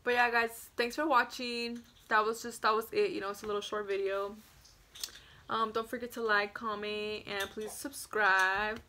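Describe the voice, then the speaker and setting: A woman in her twenties, a vlogger telling a story to camera in a rambling, casual way, full of "like" fillers, hushing at the scary parts. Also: mid-range voice, little pitch movement, normal speed, slight background noise.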